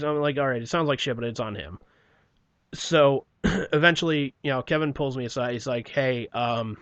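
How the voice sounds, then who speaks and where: A man's voice: mid-range voice, dry recording, muffled recording. Man, casual podcast storyteller, rambling and profane, dry close mic. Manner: profane, rambling, often clears his throat, trails off quietly. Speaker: podcast guest telling his story.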